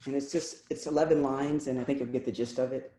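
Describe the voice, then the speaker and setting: A man reading his own poems at a video-call poetry event, measured and pausing with ums between pieces. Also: mid-range voice, fairly even intonation, mellow. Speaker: poet reading his work. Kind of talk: poetry reading with spoken introductions. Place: home, over video call. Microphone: computer mic on a video call. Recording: echoey video call audio.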